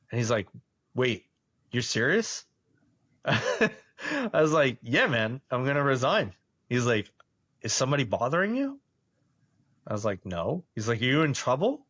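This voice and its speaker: A man's voice: medium pitch, moderate pace, pauses often, no room sound, clean studio sound. A man, animatedly telling a personal story on a podcast and laughing often. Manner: animated, laughs often, acts out quoted voices. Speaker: podcast host. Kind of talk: casual storytelling.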